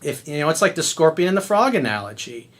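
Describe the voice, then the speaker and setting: A man's voice: a little high, big pitch swings, fast talker, fairly bright tone. A male dating coach ranting bluntly to his viewers, lecturing with plenty of profanity. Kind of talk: ranting monologue to camera.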